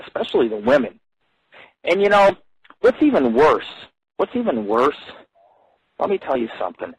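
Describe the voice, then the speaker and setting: A man's voice: on the high side, slightly rough, no echo, rough recording. A man hosting a live radio show, telling crude, rambling stories full of swearing. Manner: profane, swears constantly, rambling.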